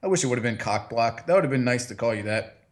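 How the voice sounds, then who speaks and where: A man's voice: mid-range voice, expressive, fast talker. A man hosting a casual chat, rambling and teasing his co-host with crude jokes and stammered restarts. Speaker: podcast host.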